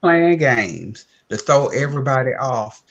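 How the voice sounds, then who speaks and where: Male panel guest, slow and emphatic, lively up-and-down pitch. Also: highs cut off. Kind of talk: casual panel talk.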